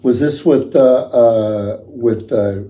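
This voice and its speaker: A man's voice: medium pitch, takes it slowly, dark tone. A man hosting a casual interview, an easygoing, encouraging listener who asks about his guest's past. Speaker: interviewer, host. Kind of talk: casual conversation.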